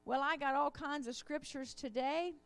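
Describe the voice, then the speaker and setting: A woman's voice: sits high, fairly even intonation, moderate pace. A woman preacher delivering a sermon with call-and-response, often calling out amen and hallelujah. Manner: call-and-response, rising fervor.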